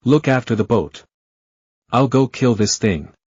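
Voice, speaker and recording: A man voicing a confident, protective young male ninja, speaking in raised shouts. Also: mid-range voice, animated, a little slow, breathy edge, no echo, highs cut off. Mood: determined. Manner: shouting over a storm.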